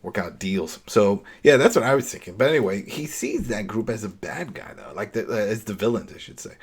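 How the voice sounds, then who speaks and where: Male podcast co-host, somewhat deep, lively and chatty, recaps with quick laughs. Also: slightly rough. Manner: animated, laughing, retelling scenes with rhetorical questions. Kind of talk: casual episode recap chat.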